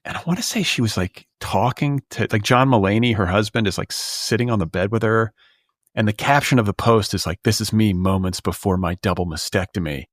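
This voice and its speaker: Low-voiced rambling male podcast host. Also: a little fast, no room sound, clean studio sound. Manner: rambling, filler-heavy, exasperated. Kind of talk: casual comedic chat. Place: Los Angeles.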